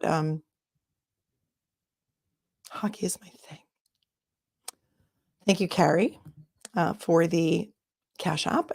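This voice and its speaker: A woman attorney hosting a livestream in a low voice, talking casually to her viewers and reading out their messages. She slips into theatrical whispers now and then. The sound is dry and close on the mic. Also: no echo. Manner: chatty, drops into dramatic whispers; reads viewer messages aloud. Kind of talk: casual livestream legal commentary.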